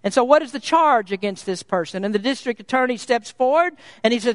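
A man's voice: very high-pitched, expressive, brisk, few pauses, fairly bright tone, no echo. A middle-aged male pastor preaching a sermon, rising to emphatic bursts with casual asides.

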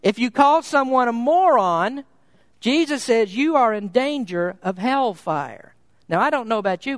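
A man's voice: very high voice, dry recording. A middle-aged male pastor preaching a sermon, rising to emphatic bursts with casual asides.

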